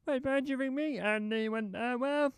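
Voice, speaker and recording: High, smooth-voiced man telling rambling stand-up. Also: normal speed, no echo. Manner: meandering, self-correcting, acts out both sides of conversations. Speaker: stand-up comedian.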